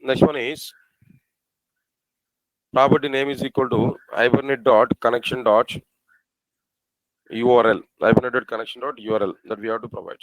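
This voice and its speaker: A man teaching a programming class, asking his students rhetorical questions and spelling out code slowly. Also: medium pitch, steady tone, no echo, rough recording. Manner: asks the class rhetorical questions, repeats phrases. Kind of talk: live coding lecture.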